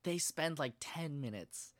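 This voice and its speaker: A woman in casual chat, retelling an anime episode in a lively, mocking way and acting out bits in silly voices. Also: sits low, a little slow, dry recording, studio quality. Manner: animated retelling, acts out scenes in silly voices. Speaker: podcast co-host reviewing anime.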